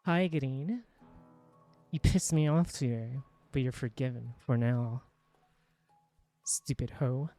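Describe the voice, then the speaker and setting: A woman live-streaming while she works, chatting casually with her viewers. Her voice sits low for a woman and has a mellow, warm tone. She is excitable and keeps breaking into exclamations, with faint music playing underneath. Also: slow pace, pauses often. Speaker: live streamer and world creator.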